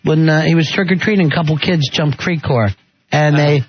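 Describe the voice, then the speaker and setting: High-voiced playful radio host. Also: male voice, moderate pace, highs cut off, a little hiss or hum. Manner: playful teasing questions to callers. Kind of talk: casual radio banter.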